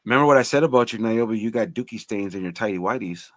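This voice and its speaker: A man's voice: lowish voice, fast talker, no echo. Rambling man saying bro on a stream. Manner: loud, rambling, repeats words, says bro a lot. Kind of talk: casual live-stream banter.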